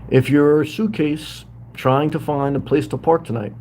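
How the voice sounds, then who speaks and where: A man's voice: a little high, fairly even intonation, unhurried, mellow, slight background noise. A middle-aged man hosting a casual livestream from a hotel room, rambling and greeting viewers by name as he reads their comments. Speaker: livestream host living in a hotel.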